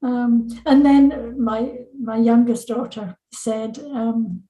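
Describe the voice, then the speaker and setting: A woman's voice: on the high side, takes it slowly, echoey room, poor audio. A woman in her seventies from Scotland, a podcast guest telling a personal story and acting out what her family said. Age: 70s. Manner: animated, acts out family members' lines in raised voices.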